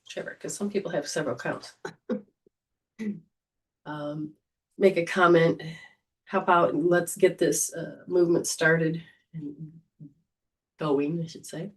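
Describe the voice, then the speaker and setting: A woman's voice: deep voice, fairly even intonation, a little slow, pauses often, slightly rough, far from the mic. A woman hosting a casual livestream as a psychic reader, talking in a chatty, rambling way. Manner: chatty, rambling, warm storytelling.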